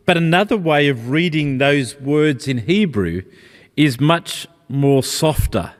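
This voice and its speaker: A man's voice: on the high side, expressive, moderate pace. Reflective male preacher in a reverberant church. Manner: reflective, gentle, personal storytelling. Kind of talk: sermon.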